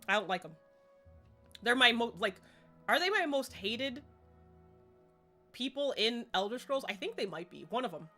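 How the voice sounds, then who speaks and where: A woman's voice: a little high, big pitch swings, moderate pace, long pauses, sharp tone, faint music behind. A woman chatting casually while streaming a game, rambling and laughing often. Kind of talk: casual live-stream gaming chat.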